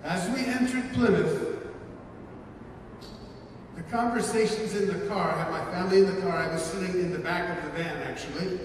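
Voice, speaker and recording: A male pastor giving an earnest sermon and personal testimony to an audience, slowing down for emphasis. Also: high-pitched, slight background noise. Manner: earnest storytelling, slows for emphasis. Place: large hall before a live audience. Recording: echoey hall from far off.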